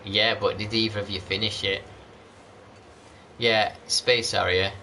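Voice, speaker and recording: A man's voice: lowish voice, flat delivery, a little slow, pushed and bright, slight background noise. A man chatting casually over gameplay as a channel host, rambling and greeting viewers by name.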